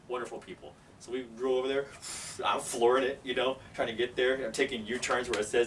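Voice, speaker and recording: A man telling a story casually, animated and acting out the people in it. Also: mid-range voice, a little fast. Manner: animated, acts out every character. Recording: distant mic, faint background noise.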